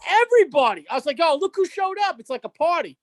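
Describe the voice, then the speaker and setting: An extremely high-pitched woman talks fast as a podcast guest, recorded dry. Her story is animated and full of heavy swearing, with every line of dialogue acted out.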